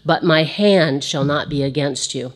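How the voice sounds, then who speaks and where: A woman's voice: low-pitched, measured pace. A woman voicing a young male warrior who earnestly pleads with a king, read with emphasis from scripture. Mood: pleading.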